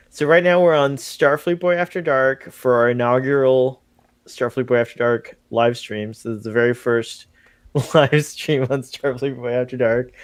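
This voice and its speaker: A man's voice: mid-range voice, dry recording. A chatty, upbeat man co-hosting a casual live stream. He laughs often and keeps the talk easy. His voice sits in a middle register and sounds close and dry. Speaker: podcast co-host.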